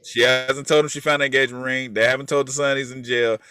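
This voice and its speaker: A man co-hosting a casual show review, talking in an animated, rambling way with frequent restarts. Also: medium pitch, quick pace, clean tone, no echo. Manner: animated, chatty, repeats words when restarting. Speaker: co-host. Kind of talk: casual chat.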